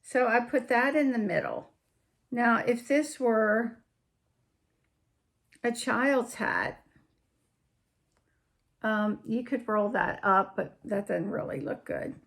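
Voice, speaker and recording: Slow-talking, chatty woman crafting host. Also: a little high, creaky. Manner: chatty, unhurried, trails off and restarts mid-sentence. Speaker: podcast host. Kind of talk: casual crafting show-and-tell.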